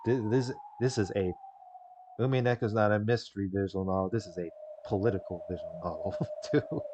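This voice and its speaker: Lo-fi, profane let's-play streamer. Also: male voice, fairly low pitch, steady tone, moderate pace, long pauses, background noise. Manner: rambling, profane, laughing reactions. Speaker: streamer playing a visual novel. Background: game music.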